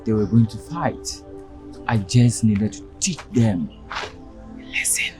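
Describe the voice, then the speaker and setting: A man's voice: lowish voice, animated, slow pace, darkish tone, soft background music. A man playing a scheming young student who brushes off blame. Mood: dismissive. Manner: dismissive, self-justifying.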